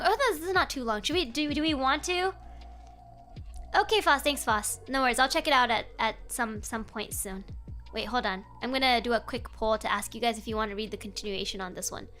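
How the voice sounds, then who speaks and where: A woman streamer reading horror stories aloud and chatting with her viewers in an excitable, talkative way. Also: a little high, brisk, soft background music. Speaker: streamer host. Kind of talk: live read-along of horror stories with chat reactions.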